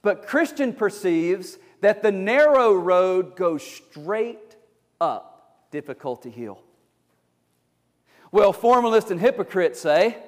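A high-pitched male pastor delivering a fervent sermon, urging his listeners on with insistent exhortations. He often restarts phrases as he drives his point home. His voice carries a long, ringing hall reverb. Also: animated, slow. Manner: fervent, exhorting, with repeated starts.

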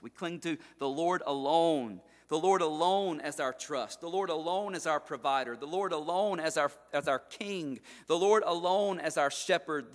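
High-voiced preacher in a reverberant hall. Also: male voice, fairly bright tone. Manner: emphatic, repetitive preaching cadence. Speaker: pastor. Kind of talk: expository sermon.

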